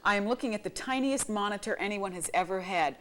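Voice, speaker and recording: A middle-aged woman, a television reporter, telling lively anecdotes as a guest on a live broadcast and laughing through her words. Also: medium pitch, quick pace, crowd noise. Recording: faint clicks and noise, 1990s broadcast tape.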